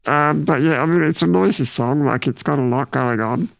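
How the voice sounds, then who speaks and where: A man's voice: fairly high pitch, moderate pace, creaky, dry recording. A young man, co-hosting a casual podcast chat about music with brief, laid-back remarks. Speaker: podcast co-host.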